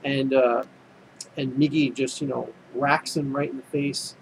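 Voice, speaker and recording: A man's voice: mid-range voice, fairly even intonation, unhurried, creaky, slight background noise, low-quality recording. A man casually recapping an anime episode, rambling and full of fillers and restarts. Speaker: anime reviewer.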